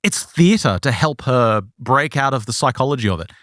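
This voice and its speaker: A male podcast host telling a story in casual chat, animated and acting out the people he quotes. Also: medium pitch, moderate pace, dry recording, studio quality.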